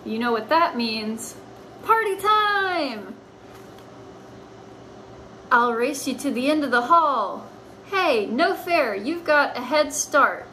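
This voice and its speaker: A woman voicing mischievous house cats from a comic strip, reading their lines slowly in a sing-song way. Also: fairly high pitch, pushed and bright, slight background noise, rough recording. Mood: playful. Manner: slow, drawn-out, sing-song reading of speech bubbles.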